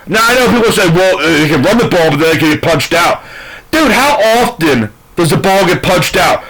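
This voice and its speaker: Frustrated male sports podcaster, profane rambling rant, voice on the higher side. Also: a bit bright, low-quality recording. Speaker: sports commentator. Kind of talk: ranting sports recap.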